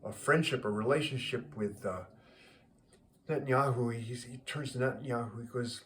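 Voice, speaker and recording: Chatty male joke teller, mid-pitched, rambling delivery, faint background noise. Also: moderate pace, a bit bright. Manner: rambling, chatty, many fillers. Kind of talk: casual joke telling.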